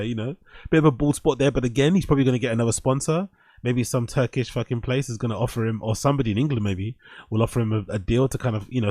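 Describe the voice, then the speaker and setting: A man casually commentating on clips he is watching, profane and animated, talking back at them. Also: mid-range voice, no room sound. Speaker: streamer reacting to clips.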